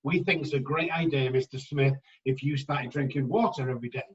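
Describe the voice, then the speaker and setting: A man speaking as a guest on a podcast interview, telling emphatic, animated anecdotes about how words shape the mind. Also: medium pitch, brisk. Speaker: guest addiction specialist. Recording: slightly dull, distant mic.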